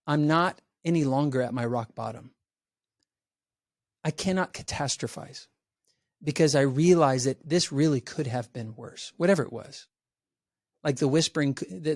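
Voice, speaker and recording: A man speaks as a guest educator in a lively, animated podcast talk. His voice sits a little high, and his delivery is full of energy. He keeps slipping into quoted voices, and the recording is dry and close. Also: no room sound.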